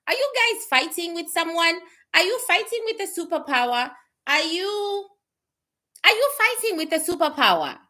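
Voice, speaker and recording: A woman psychic giving blunt, swearing predictions, with laughing asides and questions she answers herself. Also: sits high. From Canada. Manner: animated, asks and answers itself. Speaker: psychic reader.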